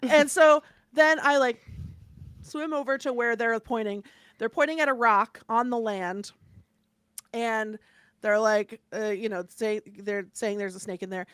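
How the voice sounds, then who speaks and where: A woman co-hosting a podcast, telling a story in a chatty, animated way, with lots of fillers and asides. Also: on the high side, measured pace, clear, resonant tone, no room sound. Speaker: podcast co-host. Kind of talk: casual chat, storytelling.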